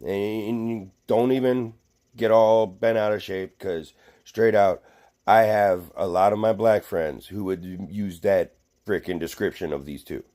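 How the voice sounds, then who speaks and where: A man's voice: lowish voice, fairly even intonation, measured pace, warm tone. A man vlogging a casual, rambling rant to camera, swearing freely and full of fillers and restarts.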